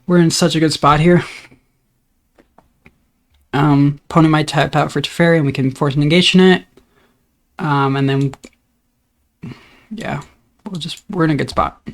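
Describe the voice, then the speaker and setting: A man giving casual commentary on his own card game, thinking aloud about each play in a relaxed, upbeat way. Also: on the high side, a little slow, long pauses.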